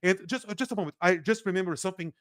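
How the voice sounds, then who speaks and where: In a casual podcast interview, a native Portuguese-speaking political analyst from Brazil, with a Brazilian accent, talks with animation, breaks into laughter readily and often restarts what he's saying. The studio-quality recording is dry, and his voice is high.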